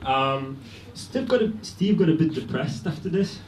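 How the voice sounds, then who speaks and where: A young man from Poland, doing a deadpan, self-deprecating stand-up set on a comedy club stage. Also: a little high, moderate pace. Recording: echoey club, mic at a distance, loud noise. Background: audience laughter.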